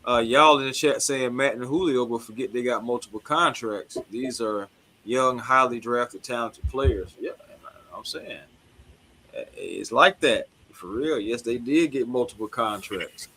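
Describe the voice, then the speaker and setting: A man with a bright, forward tone. He co-hosts a casual sports talk show, relaxed and slangy, agreeing easily and keeping things real. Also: medium pitch, a little slow, a little hiss or hum, low-quality recording. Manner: laid-back, slangy, agreeable.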